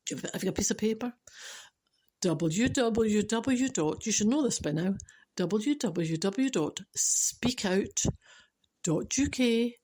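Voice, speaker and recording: A woman's voice: medium pitch, expressive, unhurried, darkish tone, slightly rough. Scottish woman, casual joke teller, dry wit, chatty and informal. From Scotland. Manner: chatty, dry wit, restarts and laughs at herself. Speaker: storyteller and speaker.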